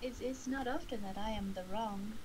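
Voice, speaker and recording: A woman player chatting on a casual game stream. She giggles often and grows animated and emotional when she tells a story. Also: on the high side, moderate pace, noisy background. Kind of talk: casual livestream chat.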